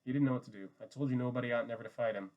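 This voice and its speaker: A man voicing a small, sharp, protective male ranch hand who talks in an urgent, clipped way. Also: medium pitch, steady tone, racing, muffled recording, close to an everyday voice. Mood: reassuring.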